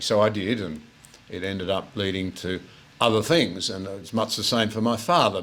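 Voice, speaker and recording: An older Australian man with a lowish, slightly bright voice speaks at a moderate pace as guest speaker at a book launch. He tells anecdotes to a room with a live audience, often filling pauses with "uh."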